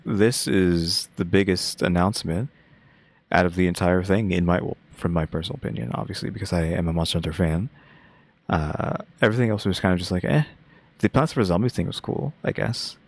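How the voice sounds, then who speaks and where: Young guy reacting to a game showcase, super low gravelly voice, totally monotone and chill. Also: brisk, dry recording. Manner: monotone, laid-back. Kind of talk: casual reaction commentary.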